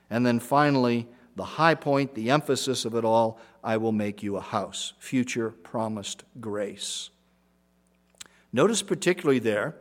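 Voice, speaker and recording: A man preaching an expository sermon, walking through verses with emphatic repetition and sharp swings in loudness. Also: a little high. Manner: emphatic, repeats key phrases, rises and drops in volume.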